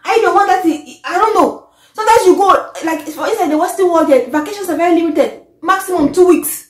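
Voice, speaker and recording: A woman, vlogging an animated, exasperated rant to camera that often trails off. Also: extremely high pitch, a little fast. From Africa. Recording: echoey room.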